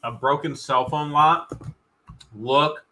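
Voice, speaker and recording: A man's voice: a little high, fairly even intonation, slow pace, bright, forceful tone, slight background noise, rough recording. A middle-aged man hosting a live online auction stream, joking and reading viewer comments aloud. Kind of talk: casual live-stream chat.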